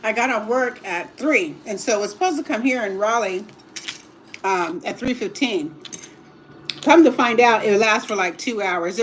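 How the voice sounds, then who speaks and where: Slow-talking woman eating on a livestream. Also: mid-range voice, slight background noise. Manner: chatty, laughs often, murmurs while tasting food. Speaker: livestream cooking host. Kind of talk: casual livestream chat while eating. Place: home dining table.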